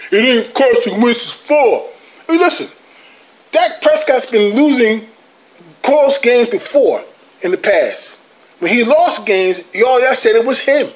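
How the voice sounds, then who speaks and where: A man's voice: very high-pitched, a bit bright. A man ranting at rival sports fans on his channel, profane and taunting, repeating himself with short tags like "bro" and "okay". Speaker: sports vlogger, Cowboys fan. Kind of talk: heated fan rant to camera.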